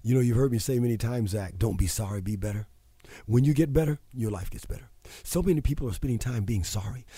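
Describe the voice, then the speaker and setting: A man's voice: medium pitch, fast, warm tone, slightly rough, dry recording. A man hosting a show, giving a motivational talk in an emphatic, preachy way and repeating phrases for effect. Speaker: radio show host.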